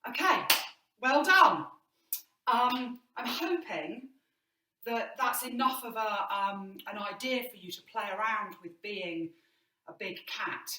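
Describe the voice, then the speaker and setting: A drama teacher gives an online movement lesson from an indoor room, encouraging and demonstrating as she explains. Her mid-range voice is animated yet slow with a sharp tone, picked up roomily by a distant mic.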